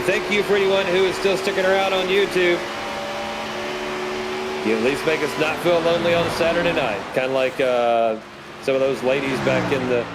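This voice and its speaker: A man calling play-by-play on a sim racing stream, joking and reading viewer chat aloud. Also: fairly high pitch. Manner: joking, reads chat aloud, calls passes. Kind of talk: live race commentary with banter. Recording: stream audio with background noise.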